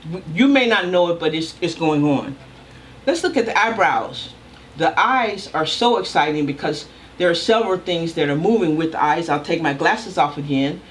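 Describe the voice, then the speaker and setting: Loud-talking older woman professor lecturing. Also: on the low side, expressive, a little hiss or hum. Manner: loud talker, emphatic and deliberate. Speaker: communication professor. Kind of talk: recorded lecture.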